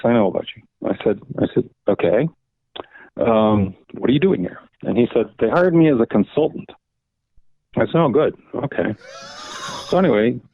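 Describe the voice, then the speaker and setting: An older man tells long, meandering stories as a podcast guest, looping back with "so anyway" and acting out the dialogue. His voice is low and gravelly. It comes through a dry, tinny, phone-like line. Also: no room sound. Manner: rambling anecdotes, repeats "so anyway", acts out quoted dialogue. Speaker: guest, veteran comics editor. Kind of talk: casual interview storytelling.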